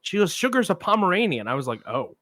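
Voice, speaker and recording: A man's voice: high-pitched, fast talker, no echo. A man co-hosting a film podcast, telling a long anecdote in casual chat and acting out the people he quotes. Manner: animated anecdote teller, acts out quoted voices. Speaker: podcast co-host.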